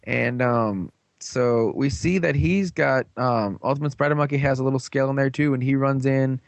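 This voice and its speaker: A man's voice: mid-range voice, normal speed, vocal fry, dry recording. A young man hosting a show, giving a casual, rambling recap of an episode with lots of filler and sarcastic asides. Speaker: show host.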